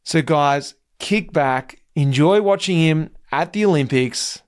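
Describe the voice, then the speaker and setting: A man hosting a podcast, chatty and animated as he tells stories. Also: fairly high pitch, slow pace, smooth. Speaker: podcast host, former pro cyclist. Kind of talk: casual podcast interview.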